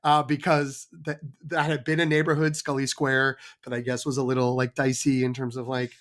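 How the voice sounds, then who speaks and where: A man's voice: mid-range voice, little pitch movement, normal speed, fairly bright tone. A man from Boston hosting a casual film discussion, rambling and hesitant with many fillers. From Boston area.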